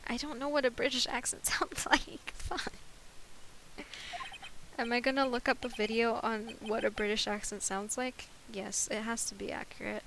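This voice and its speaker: A woman's voice: a little high, little pitch movement, moderate pace, vocal fry, a bit bright, a little hiss or hum, rough recording. A young woman streamer chatting casually and playfully while playing a game, self-mocking and laughing often.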